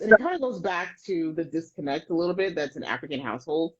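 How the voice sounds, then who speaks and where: A woman's voice: fairly low pitch, a little fast. A woman hosting a casual podcast chat, telling stories with lots of laughter. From United States. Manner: animated storyteller, laughs often. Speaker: podcast host. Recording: dull lo-fi audio.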